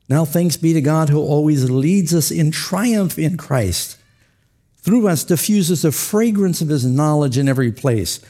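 A man's voice: a little high, warm tone. A man preaching a sermon, telling stories with acted quotes and chuckles. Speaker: pastor.

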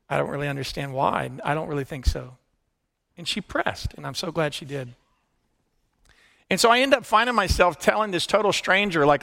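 A middle-aged man preaching by telling his own testimony, earnest and hushed at tender moments, rising with excitement. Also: a little high, creaky. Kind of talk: sermon storytelling.

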